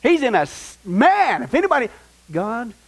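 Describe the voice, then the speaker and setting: A man preaching a sermon to a group, animated, often asking his listeners questions and acting out the people he quotes. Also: high-pitched, moderate pace, low-quality recording. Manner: animated, acts out quoted voices, asks the audience questions. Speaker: pastor teaching a Bible study.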